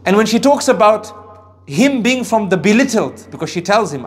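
A man preaching a sermon on Quran verses. He swings between raised emphasis and hushed asides, and recites Arabic phrases with careful pronunciation. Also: high voice, animated, normal speed. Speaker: Islamic preacher.

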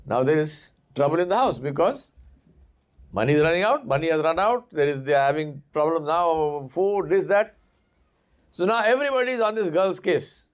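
A man gives a sermon as a story, with a fairly high voice. He tells it with animation and slips into voices for the people in the tale. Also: animated, moderate pace. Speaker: preacher.

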